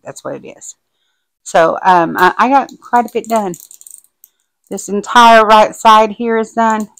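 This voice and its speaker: Slow-talking woman gushing over her craft. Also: fairly low pitch, poor audio. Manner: gushing, excitable, lots of fillers. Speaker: diamond painting vlogger. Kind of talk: casual show-and-tell vlog.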